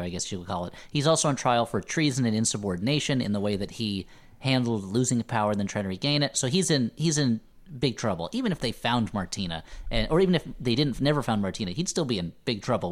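A man co-hosting a podcast who chats about a television drama, laughs easily and explains plot points. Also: mid-range voice. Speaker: podcast co-host. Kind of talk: comedic recap chat.

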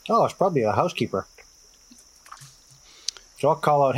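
A young man playing a tabletop game, joking and relaxed in casual banter. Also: fairly high pitch, moderate pace, a little hiss or hum. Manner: joking, laid-back. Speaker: player.

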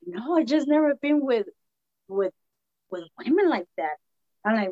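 A woman tells her story with lively, acted-out dialogue. Her voice sits a little high. The sound is muffled and dry, with no room echo. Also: normal speed. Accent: Latina American English. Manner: animated, acts out quoted dialogue. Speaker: podcast guest. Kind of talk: casual storytelling chat.

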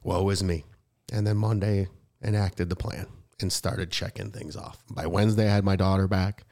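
Deep gravelly male podcast host. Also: steady tone, normal speed, darkish tone. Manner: emotional, rambling with frequent restarts. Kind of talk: heartfelt conversational interview.

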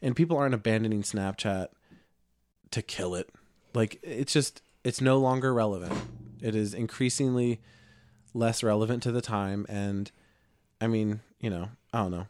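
A man's voice: fairly low pitch, moderate pace, a little mellow, no echo. Rambling casual man, dry mic. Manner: loose, rambling, swearing freely. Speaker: podcast co-host. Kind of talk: casual chat.

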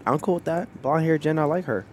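A man's voice: fairly high pitch, brisk, slight background noise. A man hosting a podcast in casual chat, playful and teasing. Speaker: podcast host.

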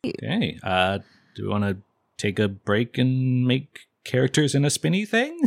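A podcast guest in a casual brainstorm, often pausing and hedging. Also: mid-range voice, expressive, gravelly, dry recording, studio quality. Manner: halting, hedging speech.

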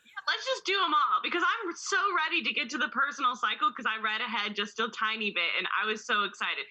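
A woman's voice: a little high, animated, fast, sharp tone, husky, poor audio. A woman co-hosting a podcast in casual chat, chatty and laughing often, reading passages aloud. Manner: chatty, laughs often, calls listeners baby. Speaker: podcast co-host.

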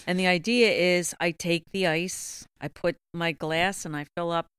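Woman with Philly accent, lowish pitch, self-deprecating banter, dry recording. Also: fairly even intonation, moderate pace, fairly bright tone, clear, resonant tone, no room sound. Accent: Philadelphia. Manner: self-mocking, laughs often. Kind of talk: casual chat.

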